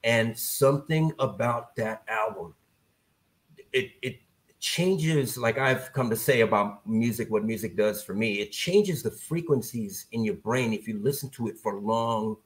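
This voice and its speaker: Man telling a story, animated. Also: lowish voice, a little slow. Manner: animated, acts out quoted voices. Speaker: podcast guest. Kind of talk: casual storytelling.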